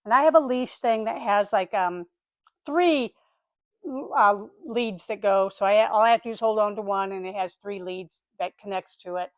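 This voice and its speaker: An older woman chatting casually on her vlog, telling a story in an animated way and acting out the voices of the people and animals in it. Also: mid-range voice, moderate pace, no echo. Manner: animated, acts out voices of dogs and neighbors. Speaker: vlogger.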